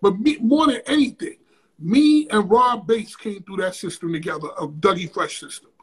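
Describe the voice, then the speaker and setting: High, husky man telling a wild story. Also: normal speed. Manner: profane, animated storyteller with sudden loud bursts. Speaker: interview guest. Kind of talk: casual storytelling.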